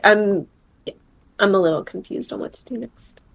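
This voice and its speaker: Player, woman, mid pitch, hesitant and searching. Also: normal speed, gravelly, rough recording. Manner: hesitant, thinking aloud. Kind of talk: tabletop role-play.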